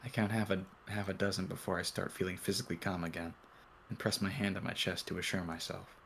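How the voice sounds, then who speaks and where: A young man reading first-person narration from a visual novel aloud on a group stream, earnest and measured, with small slips. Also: low voice, level tone, a bit bright, a little hiss or hum. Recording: music clearly audible behind.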